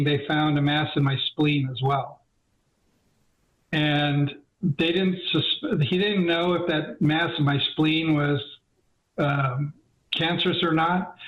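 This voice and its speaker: Man retelling his cancer story, lo-fi. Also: a little high. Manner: retells conversations with quoted dialogue, many fillers. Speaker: cancer survivor interviewee. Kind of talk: personal storytelling interview. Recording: dull lo-fi audio.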